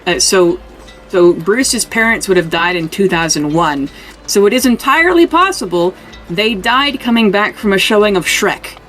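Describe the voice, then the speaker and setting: A podcast co-host in casual chat, making quick joking asides. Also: mid-range voice, expressive, fairly bright tone, soft background music.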